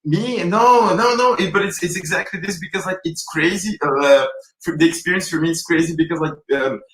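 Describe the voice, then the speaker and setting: A man from Brazil, a guest in a virtual film Q&A, speaks briskly and animatedly, rambling and calling himself extravagant. His voice is fairly high-pitched, and the audio is poor with a roomy sound.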